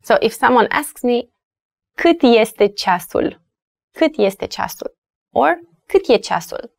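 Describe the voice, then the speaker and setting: Romanian lady teaching a language, slow and patient, dry close sound. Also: fairly high pitch, sing-song, gravelly, no room sound. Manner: patient, repeats words slowly for learners. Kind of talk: language lesson.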